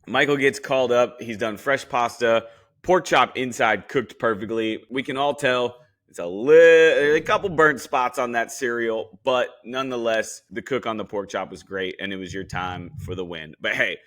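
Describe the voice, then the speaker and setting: A man's voice: medium pitch, a bit bright. A young man hosting a podcast, giving a blunt, joking recap of a cooking show and swearing freely as he talks straight at the contestants. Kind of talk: casual recap commentary.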